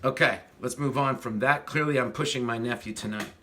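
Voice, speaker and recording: A man's voice: medium pitch, fairly quick, bright, forceful tone, slight background noise. A man hosting a casual livestream chat, rambling as he greets viewers and reads their comments while fiddling with the stream. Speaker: livestream host.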